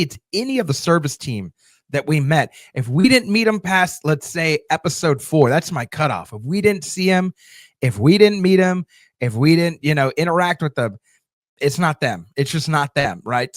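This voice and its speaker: A man whose voice is a little high runs a TV show review channel, recorded dry with clean studio sound. He answers viewer comments in a loose, chatty way, with many fillers and restarts.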